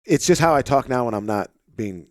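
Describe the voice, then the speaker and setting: A man with a light Arkansas twang hosting a podcast, chatting in a relaxed, rambling way with plenty of fillers, in a home office. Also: medium pitch, a little fast, dry recording, studio quality. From St. Louis, Missouri. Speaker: podcast host. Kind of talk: casual conversation.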